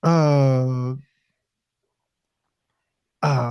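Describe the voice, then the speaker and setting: A man's voice: a little high, moderate pace, dry recording, studio quality. A man with a Southern US accent hosting a podcast, talking in loose, slangy, hesitant banter. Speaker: podcast host.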